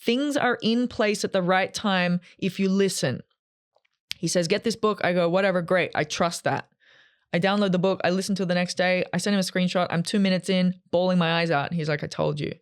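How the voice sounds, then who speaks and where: A woman's voice: on the low side, fairly even intonation, a little fast, clean tone. A woman hosting a solo podcast from a green room, telling a personal story in a candid, rambling, emotional way with many fillers. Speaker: podcast host.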